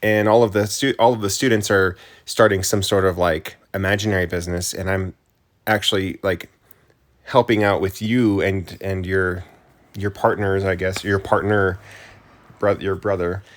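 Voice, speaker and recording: This is a man in his thirties from New Mexico with a very deep voice. He co-hosts a home podcast from his couch, drifting through thoughts and restarting sentences as he goes. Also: steady tone, moderate pace. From New Mexico, USA. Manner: rambling, self-correcting. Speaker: podcast co-host, teacher. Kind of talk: casual chat. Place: home living room couch.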